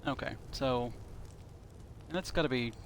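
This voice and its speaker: A man's voice: medium pitch, a little slow, a little hiss or hum. A man streaming a video game, chatting casually and thinking aloud with plenty of fillers as he plays. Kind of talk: casual commentary while playing. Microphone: console headset.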